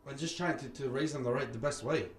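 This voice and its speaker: A man hosting a podcast, telling stories in a casual, animated chat, cursing freely and acting out what others said. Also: medium pitch, quick pace. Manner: animated storyteller, swears freely, acts out quoted voices. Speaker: podcast host. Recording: roomy sound with faint background noise.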